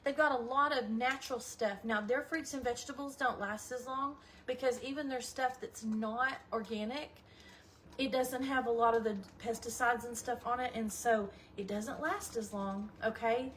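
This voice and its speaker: A woman's voice: a little high, fairly even intonation, normal speed, a bit bright. Chatty woman cooking at home. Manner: chatty, folksy, addresses viewers as y'all. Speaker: cooking vlogger. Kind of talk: casual cooking livestream chat. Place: home kitchen. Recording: audible background noise.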